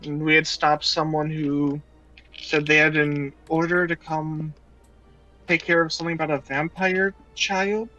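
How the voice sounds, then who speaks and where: Male player, higher voice, stumbling speech, dull lo-fi mic. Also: level tone, unhurried, sharp tone, soft background music. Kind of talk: in-character tabletop play.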